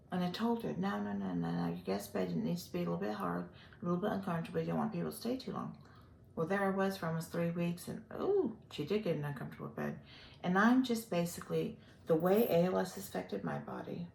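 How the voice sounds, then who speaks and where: An older woman from the Gulf Coast of Texas, rambling through a personal vlog with many pauses and fillers. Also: low voice, gravelly, reverberant, a little hiss or hum. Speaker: vlogger.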